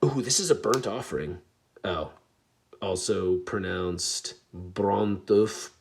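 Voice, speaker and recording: A man casually chatting to his viewers while opening trading card packs, chatty and self-deprecating, with bursts of excitement. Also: low voice, takes it slowly, gravelly. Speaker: card pack opening vlogger. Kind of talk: casual pack-opening commentary.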